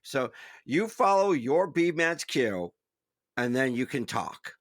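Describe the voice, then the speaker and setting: A man's voice: mid-range voice, big pitch swings, slow, dry recording, studio quality. A man playing a crusty old-timer with outdated views, talking in a sly joking drawl. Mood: mock boastful.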